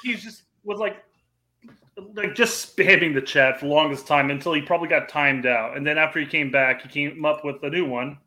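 A man's voice: fairly high pitch, brisk, pushed and bright. A man co-hosting a casual podcast chat, hesitant and restarting his sentences, with frequent laughs. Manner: hesitant, repeats words, laughs often. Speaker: podcast co-host.

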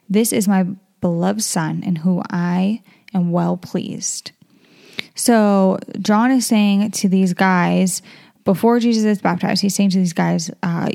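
Brief: woman podcast host, relaxed Bible study read-through, mellow tone with vocal fry, casual explaining. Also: mid-range voice, measured pace. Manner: reads verses then explains them in chatty plain words. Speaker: podcast host reading scripture.

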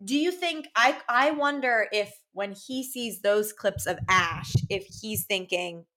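A woman's voice: mid-range voice, lively intonation, measured pace, sharp tone. A young woman co-hosting a casual podcast recap, rambling with lots of fillers. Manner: rambling, filler-heavy, giggly. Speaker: podcast co-host.

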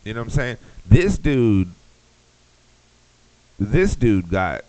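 A man's voice: medium pitch, big pitch swings, slow, dark tone, dry recording, low-quality recording. A man hosting a podcast, ranting crudely and loosely as comedy. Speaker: podcast host. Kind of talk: comedic rant.

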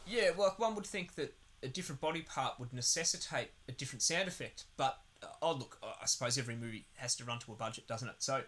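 A man's voice: medium pitch, lively intonation, fast talker, few pauses, fairly bright tone. A man co-hosting a podcast, chatting casually and sarcastically about a film, swearing often and rambling. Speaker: podcast co-host. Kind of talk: casual film review chat.

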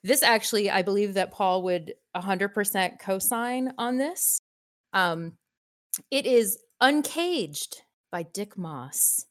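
A woman's voice: mid-range voice, lively intonation, slow. A woman co-hosting a casual film podcast, speaking hesitantly with many fillers. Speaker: podcast co-host. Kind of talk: casual chat about films.

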